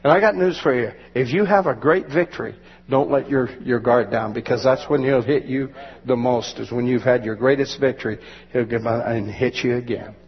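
A man's voice: medium pitch, moderate pace, husky. A male pastor preaching a sermon with fervent, rising exclamations. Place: church sanctuary. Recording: dull lo-fi church recording with long reverb.

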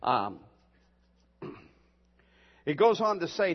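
A pastor preaching a sermon and reading scripture, emphatic and building to shouts, with slow, drawn-out reading of the verses. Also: male voice, high-pitched, animated. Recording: dull lo-fi sound in a reverberant hall.

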